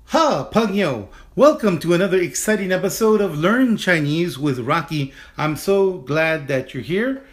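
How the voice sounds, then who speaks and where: A man teaching a Chinese lesson in English, animated and repetitive, drilling phrases slowly and often restarting his sentences. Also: fairly high pitch. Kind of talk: online language lesson.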